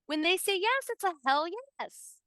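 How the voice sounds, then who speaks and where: A woman's voice: extremely high pitch, very animated, measured pace, bright, forceful tone, dry recording. A woman guest life coach chatting casually and agreeably on a podcast.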